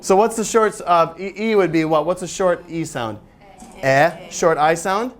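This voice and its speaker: A man's voice: high voice, unhurried. A man presenting a phonics seminar, quizzing his audience with questions and carefully modeling each sound aloud. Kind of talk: interactive teaching seminar. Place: seminar room with a live audience.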